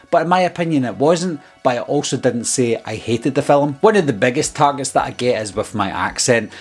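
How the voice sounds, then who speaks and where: A man with a medium-pitched, slightly rough voice talks as a film-review YouTuber. His casual commentary about his critics comes across as earnest and exasperated. Faint music plays in the background.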